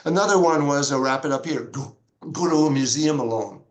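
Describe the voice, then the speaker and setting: Animated pastor in an echoey room. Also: male voice, fairly quick. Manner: animated, acts out quoted dialogue with big pitch jumps. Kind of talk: conversational interview storytelling.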